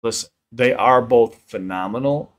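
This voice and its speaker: A man casually chatting on a livestream while high, swearing a lot and reading chat aloud. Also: normal speed. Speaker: live streamer.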